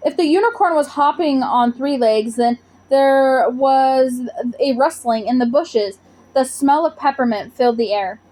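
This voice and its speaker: A woman reading a children's storybook aloud with expressive narration. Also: high-pitched, unhurried. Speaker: audiobook reader.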